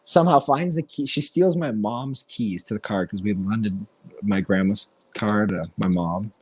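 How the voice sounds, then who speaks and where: A man's voice: fairly low pitch, a little slow, darkish tone, slightly rough, dry recording. A young man co-hosting a casual podcast, telling a story with lots of energy and swearing freely. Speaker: co-host.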